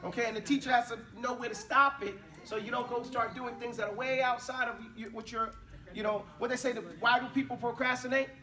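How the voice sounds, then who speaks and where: High-voiced male teacher, far from mic. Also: flat delivery, brisk, pushed and bright, soft background music. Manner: casual, mixes English and Arabic drills. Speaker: Arabic teacher. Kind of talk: classroom teaching. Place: classroom.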